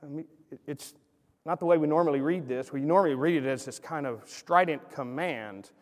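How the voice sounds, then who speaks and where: A man in his forties preaching a sermon, telling stories with animated swings and acting out the voices. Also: fairly high pitch, moderate pace. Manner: animated storyteller, acts out quotes. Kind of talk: sermon with storytelling. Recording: long hall reverb.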